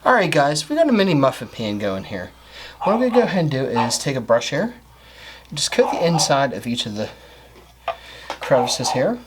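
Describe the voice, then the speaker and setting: Upbeat male cooking host, lively pitch, kitchen noise and clattering dishes behind. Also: fairly quick. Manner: upbeat, chatty, explains steps as he works. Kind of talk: casual cooking demonstration. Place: home kitchen.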